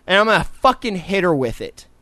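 Young male podcast host, high voice, dry close sound, profane exasperated rants. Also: sing-song, a little fast, bright, forceful tone, dry recording. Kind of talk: casual ranting podcast chat.

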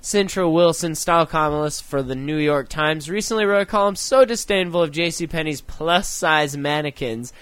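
A man's voice: fairly high pitch, moderate pace, few pauses, fairly bright tone, smooth, dry recording. A man hosting a casual chat show, reading out news items and joking, often swearing and breaking into laughter. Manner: profane, giggly, joking. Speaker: podcast host.

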